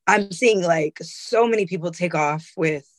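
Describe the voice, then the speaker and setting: A woman's voice: fairly low pitch, a little slow, no echo. A young woman musician speaking candidly and emotionally in a casual interview, swearing freely. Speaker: musician guest.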